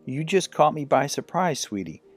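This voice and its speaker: A man's voice: on the high side, big pitch swings, normal speed, soft background music, voice pushed up. Man narrating as playful, joking husband. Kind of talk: audiobook character reading.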